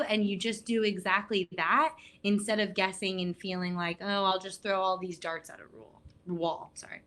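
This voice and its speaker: A woman's voice: mid-range voice, flat delivery, moderate pace, few pauses, a bit bright. Chatty woman guest on mental health. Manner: chatty, frequent "like", acts out quoted dialogue. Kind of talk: casual talk at an online event.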